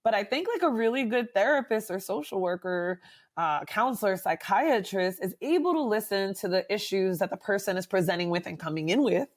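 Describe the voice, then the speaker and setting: A woman psychologist speaking as a guest in a conversational interview, animated and full of fillers and tag questions. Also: medium pitch.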